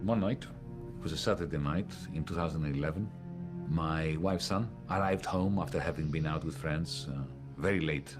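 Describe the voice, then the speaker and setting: Deep-voiced man telling his story. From Greece. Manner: measured storytelling with pauses and fillers. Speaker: documentary narrator. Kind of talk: first-person documentary narration. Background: music.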